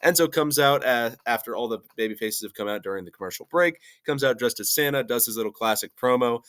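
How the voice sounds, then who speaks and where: A man with a bright, forceful voice recapping a wrestling show in a casual, joking way. He laughs between remarks and talks at a middle pitch. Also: fast, clean tone. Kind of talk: casual review commentary.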